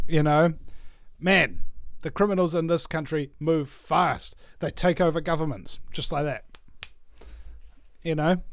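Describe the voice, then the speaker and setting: A fairly high-voiced man with a New Zealand accent holds forth on his own show in a rambling monologue. He stumbles over restarts and swings between loud bursts and quiet muttering. The sound is dry and close, with no room around it. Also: no room sound. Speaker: talk show host. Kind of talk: animated monologue.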